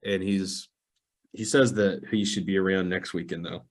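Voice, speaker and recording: Animated young man telling stories. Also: low voice, moderate pace. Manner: animated storyteller, acts out quotes, laughs often. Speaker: podcast host. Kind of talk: casual chat.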